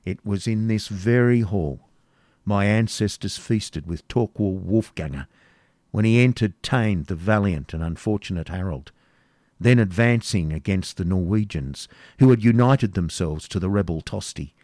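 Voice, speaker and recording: Guy reading proud old saxon lord, deep-ish, stately declaiming, dead dry room. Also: a little slow, a little mellow, no room sound, lightly acted. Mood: brooding. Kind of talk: audiobook character reading.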